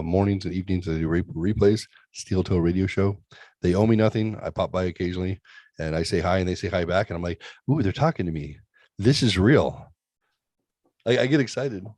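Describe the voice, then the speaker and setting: Middle-aged male host, deep voice, dry close sound, loose crude joking banter. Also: darkish tone, dry recording. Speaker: podcast host. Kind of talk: casual chat.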